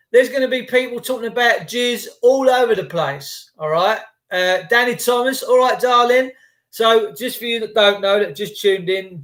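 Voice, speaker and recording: A man's voice: sits high, fairly bright tone. A man hosting a live stream, ranting in a rambling, conspiratorial and mocking way, joking often and repeating his phrases as he talks to viewers.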